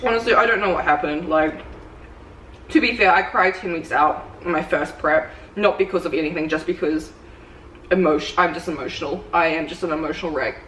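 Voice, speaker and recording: A woman's voice: low voice, a little fast, fairly bright tone, a little hiss or hum. Chatty young woman, distant and roomy. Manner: chatty storytelling, full of "like". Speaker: fitness coach. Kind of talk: casual vlog chat. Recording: roomy, distant, faint ambience.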